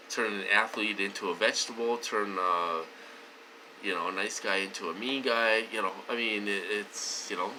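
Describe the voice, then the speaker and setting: A man talking casually to his viewers in a rambling, repetitive way, swinging between loud emphatic stretches and low mutters. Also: a little hiss or hum, low-quality recording. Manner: rambling and repetitive, with many fillers. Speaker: vlogger.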